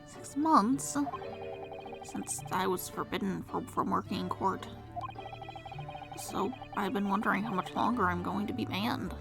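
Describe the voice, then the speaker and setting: A woman voicing a glum, soft-spoken young male defense lawyer, hesitant and mumbling, with vocal fry. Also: medium pitch, unhurried, pauses often, poor audio. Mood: downcast. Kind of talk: reading game dialogue aloud. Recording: game music behind.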